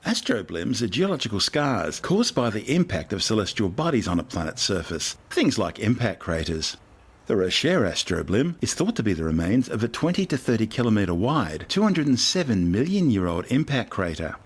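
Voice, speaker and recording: Husky man reading science news. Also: fairly low pitch, sing-song, normal speed. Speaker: host. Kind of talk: scripted science news narration.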